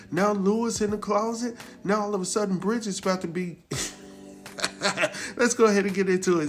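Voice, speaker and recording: A man casually recapping a TV drama episode, telling it in a lively way, acting out the characters' lines and laughing often. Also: high-pitched. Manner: animated storytelling, acts out quotes, laughs often. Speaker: recap host.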